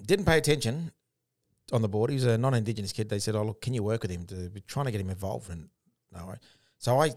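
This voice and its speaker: With a lowish voice and a brisk pace, an Australian ex-education worker shares stories in a relaxed, plain-spoken, animated way full of restarts. The recording is clean studio sound without echo.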